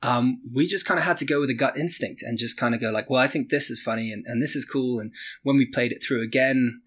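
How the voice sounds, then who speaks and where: A man's voice: mid-range voice, fast talker, fairly bright tone. A man who is a game developer, speaking as a podcast guest in a loose, rambling way full of filler words. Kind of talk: casual interview.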